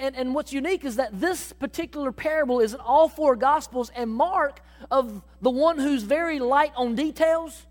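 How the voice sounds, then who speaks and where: Woman pastor preaching, high pitched, keeps calling to the church, big echoey hall. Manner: animated, acts out Bible dialogue, calls to the congregation. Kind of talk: sermon. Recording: long hall reverb.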